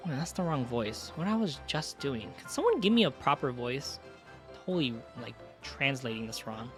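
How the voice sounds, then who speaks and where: A man talks through a game in an offhand, self-mocking way, cursing often. His voice rises and falls a lot, with soft music faintly behind. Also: medium pitch, sing-song, moderate pace. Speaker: streamer. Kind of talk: casual gaming commentary.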